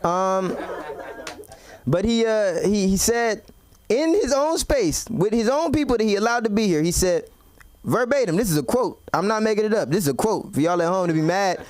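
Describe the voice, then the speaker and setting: A man's voice: high voice, expressive, normal speed, dry recording. A young man doing an open mic stand-up set, rambling and swearing a lot. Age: young adult. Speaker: stand-up comedian. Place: comedy club stage. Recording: noisy live club recording.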